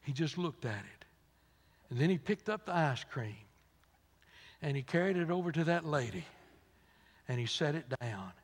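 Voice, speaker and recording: Folksy preacher in a reverberant hall. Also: male voice, fairly high pitch, big pitch swings, moderate pace, pauses often, slightly rough. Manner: folksy storytelling, swings from soft asides to loud emphatic peaks. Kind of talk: sermon. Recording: long reverb of a large hall.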